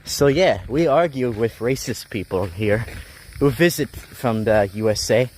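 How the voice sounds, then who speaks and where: A man's voice: medium pitch, measured pace, a little mellow, a little hiss or hum. A young man rambling, joking and griping as he walks a rural mountain road, live-streaming from a handheld phone. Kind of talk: casual live-stream vlog.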